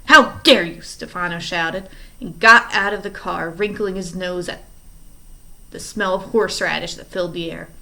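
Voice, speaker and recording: A woman reading a children's novel aloud in a steady storytelling manner. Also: fairly low pitch, moderate pace, vocal fry. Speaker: reader.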